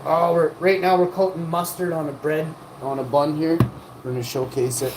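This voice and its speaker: A woman's voice: low voice, fairly even intonation, normal speed, noisy background. A woman hosting a livestream, rambling and joking as she teases people in the chat. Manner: rambling, joking, teasing chatters. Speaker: livestream host. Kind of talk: rambling live-chat banter.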